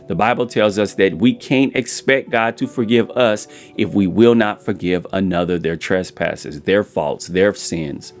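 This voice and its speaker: A man hosting a daily devotional show, preaching and retelling a parable in an energetic, folksy way. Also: lowish voice, measured pace, soft background music. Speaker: host.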